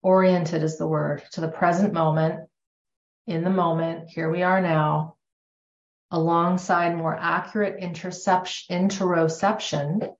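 A woman's voice: on the low side, level tone, unhurried. A woman teaching a class on somatic therapy in a conversational way, correcting herself as she goes. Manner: conversational, self-correcting, acts out quoted remarks. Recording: echoey room, dull lo-fi sound.

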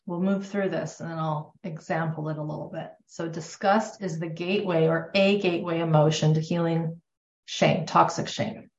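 In an echoey room with dull lo-fi sound, a woman leads a somatic therapy class. She speaks in a low, steady, darkish voice at a moderate pace, keeping it conversational, fixing her own wording and performing the lines she quotes.

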